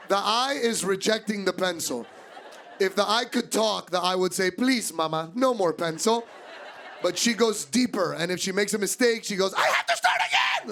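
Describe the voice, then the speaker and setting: A young man from doing stand-up comedy, animated and acting out voices. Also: sits high, vocal fry. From Miami, USA.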